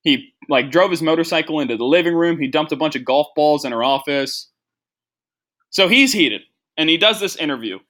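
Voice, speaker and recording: A man's voice: fairly high pitch, animated, normal speed, pushed and bright. Rambling young man hosting a podcast. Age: young adult. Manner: rambling, self-deprecating, heavy use of "like". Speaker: podcast host. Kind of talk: casual comedy podcast monologue.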